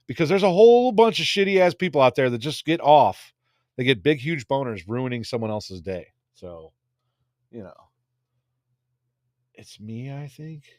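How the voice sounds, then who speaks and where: A man's voice: medium pitch, a little mellow, no room sound, studio quality. A man hosting a casual livestream, rambling crudely and reading out viewer comments. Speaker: livestream host.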